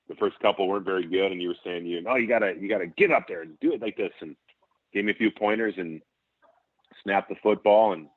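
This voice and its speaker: A lower-pitched man from Saint Paul tells a long, lively football anecdote, full of restarts and quick laughs. His voice comes through a thin, phone-like line with a dry, close sound. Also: no echo. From Saint Paul, Minnesota. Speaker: former NFL center, guest. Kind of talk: casual storytelling.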